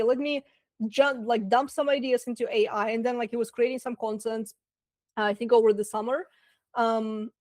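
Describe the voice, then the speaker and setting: A woman's voice: fairly high pitch, a little mellow, no echo. A woman with a Russian accent, a business coach giving a casual online masterclass, full of fillers and asides. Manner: chatty, lots of fillers and asides. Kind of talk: webinar masterclass talk.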